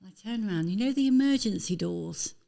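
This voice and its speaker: A woman guest on a podcast, chatting casually and telling lively, animated stories, with apologetic asides. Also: medium pitch, brisk, creaky. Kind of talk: casual anecdotal interview chat.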